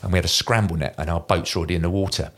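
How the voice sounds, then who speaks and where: A middle-aged Englishman with a low, deep voice tells stories from his Marine days at a brisk clip. He is animated and slips into other people's voices when he quotes them. He speaks as the guest in a casual interview. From Kent, England. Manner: animated anecdote teller, mimics voices in quoted lines. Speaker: guest, former Royal Marine.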